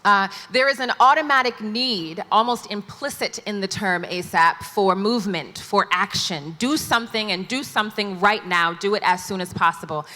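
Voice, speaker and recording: A woman's voice: medium pitch, normal speed, few pauses, bright, forceful tone. A woman moderating a conference panel, introducing the guests in a chatty, playful way. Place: large conference hall stage. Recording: long hall reverb.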